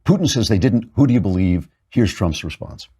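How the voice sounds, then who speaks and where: A man's voice: fairly low pitch, animated, brisk, dark tone, breathy edge. A man hosting a show, giving a sarcastic, mocking political commentary monologue. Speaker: show host.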